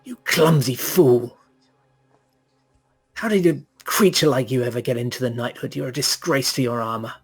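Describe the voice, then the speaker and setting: A man's voice: mid-range voice, steady tone, normal speed, creaky, a little mellow, breathy edge, faint music behind. A man doing a sneering, arrogant young knight. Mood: sneering scorn. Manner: sneering, contemptuous. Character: arrogant slight-built young male knight.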